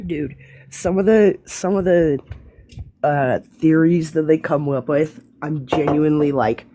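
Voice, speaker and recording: A woman's voice: sits low, normal speed, noisy background. A woman hosting a live stream in casual chat, telling stories with frequent swearing and laughter. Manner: profane, laughing, animated storytelling.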